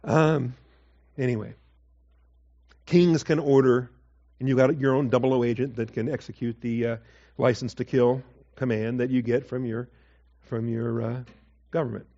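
Male Bible teacher, casual verse-by-verse sermon style, medium pitch, a little muffled. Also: flat delivery, normal speed, pauses often, dark tone. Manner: conversational, with asides and acted quotes.

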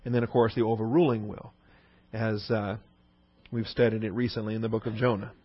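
A man's voice: lowish voice, level tone, brisk, slightly rough, highs cut off. A male pastor preaching an expository sermon, stressing points with repetition and rhetorical questions. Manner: emphatic, rhetorical questions, repeats key points.

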